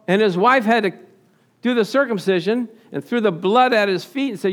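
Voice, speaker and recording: A man with a high voice preaches a sermon from slides, animated and quick to laugh. He keeps asking his congregation questions and answering them himself. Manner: laughs often. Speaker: pastor.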